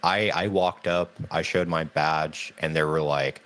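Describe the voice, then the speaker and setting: Very low-voiced man telling a story. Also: unhurried. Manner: animated storytelling, acts out quotes in a raised voice. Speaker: podcast co-host. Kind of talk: casual chat.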